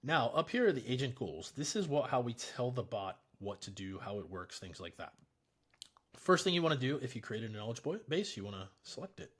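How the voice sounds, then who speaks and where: A man giving a relaxed, chatty software tutorial, explaining each step in a screen recording. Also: mid-range voice, fairly quick, slightly rough.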